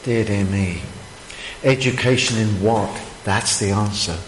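A man's voice: on the low side, a little slow, a little hiss or hum. A man preaching a sermon, emphatic and full of rhetorical questions. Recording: echoey hall, faint ambience.

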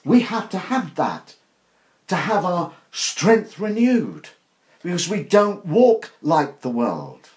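Slow, lively older male preacher. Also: high-pitched. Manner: earnest, emphatic, rhetorical questions. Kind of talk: informal sermon to a small group. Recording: roomy echo.

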